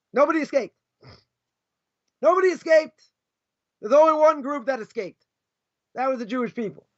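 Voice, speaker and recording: The man teaching this informal Torah class is a rabbi with a Boston accent and a very high, somewhat bright voice. He argues by asking rhetorical questions and emphasizes points by repeating phrases, all on a dull, lo-fi recording.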